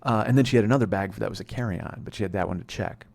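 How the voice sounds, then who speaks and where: A man's voice: lowish voice, racing, gravelly, a little mellow. A man in his forties, a comedy podcast host telling a rambling, profane, sardonic story. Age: 40s.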